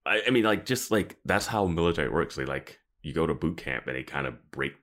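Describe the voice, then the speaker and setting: A man's voice: a bass voice, animated, fairly quick, a bit bright. A man co-hosting a podcast, talking casually in a rambling way with lots of fillers. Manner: rambling, filler-heavy, laughs often. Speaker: podcast co-host. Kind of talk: casual chat.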